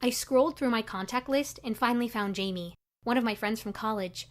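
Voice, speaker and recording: A young woman narrating her own story in a chatty, confessional, scripted style for an animated video. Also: fairly high pitch, a little fast.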